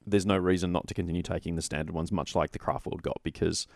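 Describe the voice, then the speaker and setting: A man's voice: deep voice, steady tone, fast, creaky, no echo, clean studio sound. A man co-hosting a casual tabletop wargaming chat, rambling and opinionated, often correcting himself mid-sentence. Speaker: podcast co-host.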